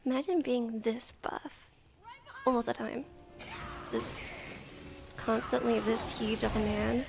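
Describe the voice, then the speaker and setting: A tired woman streaming a game, chatting casually and swearing, and sometimes talking to her dogs in a high baby voice. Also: fairly even intonation, slow pace, gravelly, over music. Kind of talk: casual gameplay commentary.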